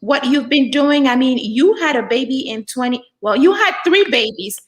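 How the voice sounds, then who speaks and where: A woman hosting an interview, asking questions in an unhurried, friendly way. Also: high voice, animated, poor audio. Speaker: host. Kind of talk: interview conversation.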